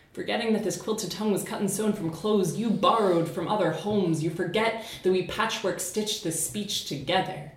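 A woman from the United States with an American accent softened by years in Scotland, chatting on a podcast and then performing a spoken word poem in a measured, rhythmic delivery. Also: medium pitch, roomy sound. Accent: American, slightly shifted by living in Scotland. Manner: measured, rhythmic poetic delivery with deliberate slowing.

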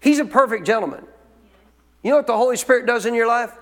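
A man's voice: very high-pitched, quick pace, a bit bright, big-room sound. A male pastor preaching a sermon in a conversational way, often asking the congregation questions.

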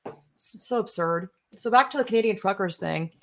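Speaking briskly in a medium-pitched, fairly bright voice, a young woman gives rambling political commentary on a stream while going through online posts. Her casual rant is indignant and profane, dotted with many fillers.

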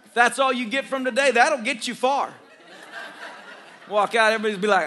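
A male pastor preaching a sermon to his church, calling for responses and rising to shouts, with joking asides. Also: sits high, a little fast, some chatter behind, slight background noise. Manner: call-and-response with congregation.

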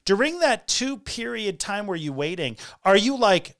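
High lively guy hosting a chatty interview, gets emotional and laughs a lot, smooth clear voice. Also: normal speed, few pauses. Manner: emotional, laughs often, repeats himself. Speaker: podcast host. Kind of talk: casual interview chat.

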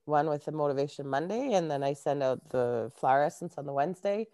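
Low-voiced Canadian woman, chatty. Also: animated, fairly quick, warm tone, dry recording, studio quality. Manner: chatty, laughs often. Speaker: guest, life coach. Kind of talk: casual interview chat.

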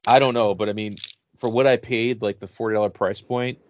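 A man's voice: on the low side, a little fast, dull audio, a little hiss or hum. A man co-hosting a casual podcast chat, rambling with plenty of fillers. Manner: relaxed, rambling with many fillers. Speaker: podcast co-host. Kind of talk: casual chat about toy purchases.

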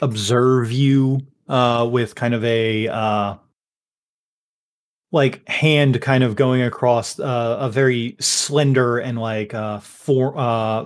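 Male game master, unhurried, casual, fills pauses as he describes scenes. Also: medium pitch. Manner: rambling, casual, many fillers. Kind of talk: narrating a tabletop game.

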